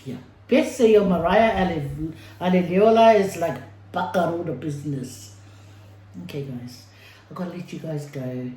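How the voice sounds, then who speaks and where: A woman's voice: on the low side, moderate pace, mellow. A woman vlogger chatting casually to her viewers while eating, playful and talkative. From Samoa. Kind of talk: casual mukbang chat. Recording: echoey room.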